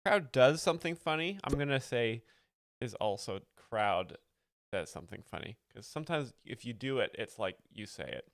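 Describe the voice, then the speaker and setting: Deadpan man explaining jokes, dry sound. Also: mid-range voice, normal speed, no echo. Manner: mock-earnest, reading chat, many fillers. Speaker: host explaining jokes on a livestream. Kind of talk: deadpan satirical commentary.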